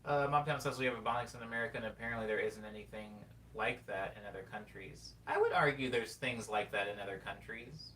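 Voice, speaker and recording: A young man in his twenties chats on a live stream, rambling and reflective as he reads viewers' messages aloud and muses on them. His voice sits at an ordinary pitch, picked up by a mic set a little away from him, with a faint low rumble underneath. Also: fast, few pauses, bright, forceful tone, distant mic. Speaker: livestream host. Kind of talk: casual live-stream chat, answering chat.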